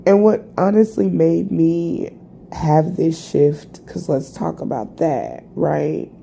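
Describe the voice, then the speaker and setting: Low, gravelly, slow-talking woman. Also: warm tone, slight background noise. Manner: rambling, halting, many fillers and restarts. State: tired, yawning. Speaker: spiritual vlogger. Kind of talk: reflective personal monologue.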